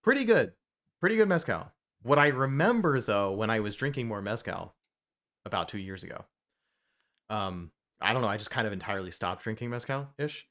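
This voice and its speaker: A man from New Jersey chats casually as co-host of a whiskey show, his voice sitting low. He rambles and wanders into asides, trailing off and circling back as he goes. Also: animated, a little fast, a bit bright. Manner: rambling, with many fillers and asides. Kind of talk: casual chat.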